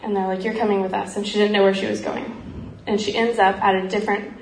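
A woman earnestly telling a missionary story in a heartfelt talk, often pausing with "um" and growing emotional. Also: medium pitch, level tone. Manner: earnest, frequent ums, grows emotional. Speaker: speaker sharing a missionary story. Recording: roomy echo, faint background noise.

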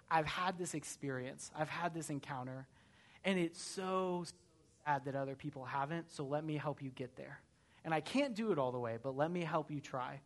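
A young man delivers a sermon in a relaxed, conversational way. His voice sits a touch higher than most men's, and he keeps asking his listeners "right?". The tone stays earnest throughout. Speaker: pastor.

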